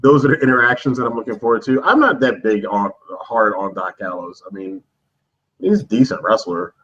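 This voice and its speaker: A man's voice: on the low side, animated, brisk, a bit bright, slightly rough. A man co-hosting a wrestling preview chat, talking casually and hesitantly. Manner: casual, hesitant, restarts sentences. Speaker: co-host. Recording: dull lo-fi mic.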